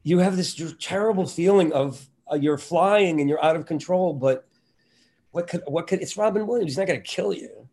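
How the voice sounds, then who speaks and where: Animated middle-aged comedian, slightly high voice. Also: male voice, normal speed, breathy edge. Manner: animated, self-deprecating, slips into voices. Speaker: comedian and impressionist guest. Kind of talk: casual interview talk.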